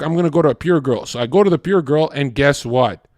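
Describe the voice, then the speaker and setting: Gravelly, profane ranting man. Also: a little high, fast talker, no room sound, clean studio sound. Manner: profane, loud, acts out voices mid-story. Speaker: streamer. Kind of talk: heated rant in a debate stream.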